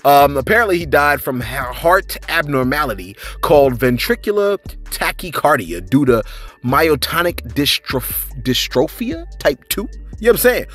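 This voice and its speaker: A man hosting a celebrity news channel in casual commentary, reading viewer shout-outs and tagging sentences with "man" and "you know what I'm saying". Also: on the high side, very animated, normal speed, soft background music.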